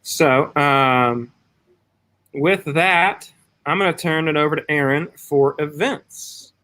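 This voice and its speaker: A man giving a casual trail club meeting update over a video call, talking in a halting way with many fillers. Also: fairly high pitch, sharp tone. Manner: halting, filler-heavy delivery. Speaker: trail club staff host.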